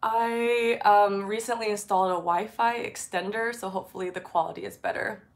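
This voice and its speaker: A woman's voice: mid-range voice, fairly even intonation, normal speed. Congested woman chatting on a phone livestream. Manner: chatty with frequent fillers and giggles. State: congested from allergies. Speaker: artist livestream host. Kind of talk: casual livestream chat. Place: home art studio.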